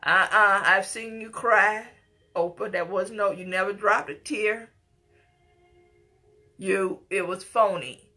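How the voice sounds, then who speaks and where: A woman's voice: medium pitch, steady tone, takes it slowly, pauses often, bright, forceful tone, soft background music. A middle-aged woman giving an impassioned, scolding personal commentary, at times tearful and pleading. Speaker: commentator reacting to a news story.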